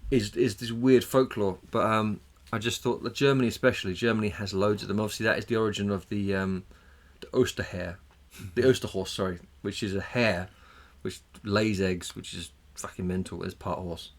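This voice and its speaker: A man's voice: fairly low pitch, steady tone, moderate pace, few pauses. A man co-hosting a casual podcast, sharing trivia in a chatty way and swearing freely. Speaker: podcast co-host. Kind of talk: casual banter.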